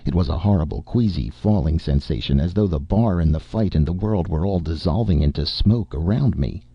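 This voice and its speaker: Deep, gravelly male story narrator. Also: a little fast, dry recording. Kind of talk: first-person story reading. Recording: muffled lo-fi recording.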